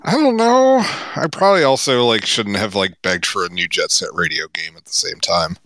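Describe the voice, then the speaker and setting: Male podcast regular, bright and forceful tone, lowish voice, lively pitch, dry mic. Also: normal speed, no room sound. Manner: crude, rambling jokes. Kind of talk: casual podcast chat.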